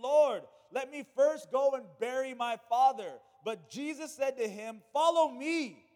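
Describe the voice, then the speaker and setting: A high-voiced man preaching from the pulpit, his voice ringing out and then dropping to near murmurs. The sound carries a long reverb, as in a big church sanctuary. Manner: swings from loud preaching to hushed asides. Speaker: pastor. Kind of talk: sermon.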